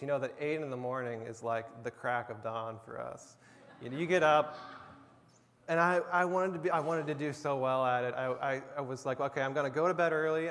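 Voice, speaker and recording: A man's voice: mid-range voice, a bit bright. A young man delivers a sermon in an easygoing, storytelling manner, chatting with his listeners as he goes. His voice sits in a middle range and carries a long reverb, as if heard in a large hall. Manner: casual storytelling with conversational asides. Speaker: preacher.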